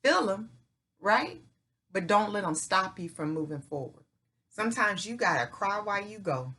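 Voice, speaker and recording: Very animated, her mid-range voice pushed and bright with a breathy edge, a middle-aged channel host talks at normal speed. She delivers emphatic, sermon-style motivation about faith in folksy speech with "y'all" and "ain't," going back over her points and checking in with "right?" and "okay?"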